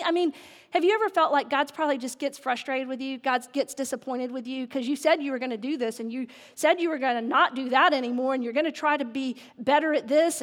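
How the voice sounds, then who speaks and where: A woman pastor giving a sermon, candid and self-mocking in her delivery. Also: high-pitched. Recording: echoey hall with long reverb.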